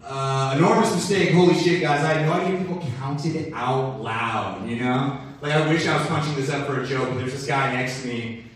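A young man with a laid-back Californian surfer drawl doing an energetic stand-up set on a club stage. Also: medium pitch, normal speed. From Boston. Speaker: stand-up comedian. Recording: roomy club sound from a distance. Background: laughing audience.

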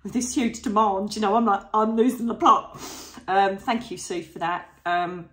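A woman's voice: mid-range voice, fairly even intonation, normal speed, fairly bright tone. A middle-aged woman talking to her followers in a casual vlog, effusive and emotional, with frequent fillers and asides. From Britain. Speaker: psychic medium vlogger.

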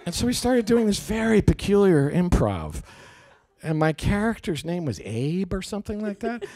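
Animated man telling a wild story. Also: sits high, normal speed. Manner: animated storyteller, acts out voices, laughs and swears often. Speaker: actor telling stories. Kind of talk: casual anecdote in an interview.

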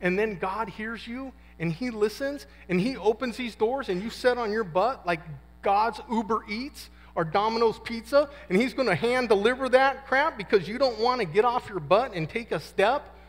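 Man in his 50s, high voice, slangy testimony talk with acted-out quotes, long hall echo. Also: normal speed. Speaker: guest speaker at a men's conference. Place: conference hall. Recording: long reverb of a large hall.

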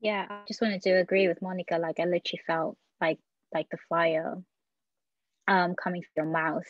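A soft-spoken woman with a lowish voice gives casual, hedging feedback. The sound is dry and dull, like a home mic. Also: flat delivery, moderate pace, no room sound. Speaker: group member.

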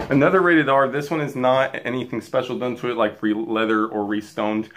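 A man talking excitedly and rambling to his viewers while unboxing in a casual vlog. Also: medium pitch, brisk, hardly any pauses, a little hiss or hum. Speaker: wrestling belt collector vlogger.

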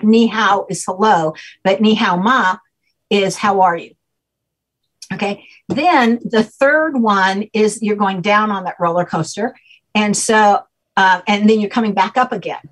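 Husky woman explaining patiently. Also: mid-range voice, poor audio. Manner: patient, explains step by step with frequent "okay?" checks. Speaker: guest, name expert. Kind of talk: explanatory podcast interview.

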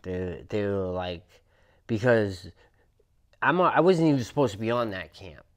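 A man with a Boston accent, a podcast guest telling prison stories in a loud, profane, animated way, acting out the quotes. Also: lowish voice, measured pace. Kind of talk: casual storytelling interview.

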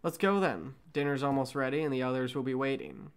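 A man's voice: medium pitch, brisk, clear, resonant tone, lightly acted. A man reading as a blunt ex-politician captain. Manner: blunt, matter-of-fact. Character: gruff male ex-politician ship captain.

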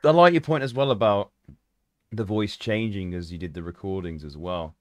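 A man hosting a casual interview chat, who talks in an excited, laughing way. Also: on the low side, normal speed, dry recording. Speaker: host.

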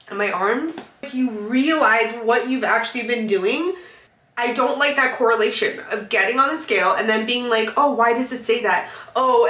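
Emotional young woman vlogging, bright voice. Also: on the high side, echoey room. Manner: emotional, heartfelt, rambling with many fillers. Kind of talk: candid confessional vlog chat. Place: car.

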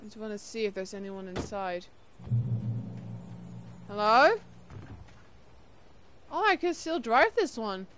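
A young woman streaming a game, chatting casually with viewers, tired and yawning, with excited bursts of greeting. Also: mid-range voice, slow, long pauses, soft background music. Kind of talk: casual live-stream chat.

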